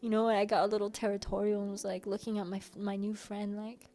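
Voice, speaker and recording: A young woman hosting a workshop, telling a playful story in a casual, animated way and acting out the people in it. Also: mid-range voice, fast talker, soft background music. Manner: animated, playful, slips into quoted voices and humming. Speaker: workshop host.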